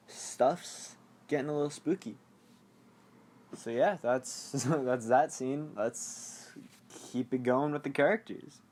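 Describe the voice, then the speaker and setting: A man's voice: mid-range voice, darkish tone. A man hosting a casual podcast, recapping a film in a rambling way, laughing often and briefly acting out scenes in silly voices. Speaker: podcast host reviewing a film.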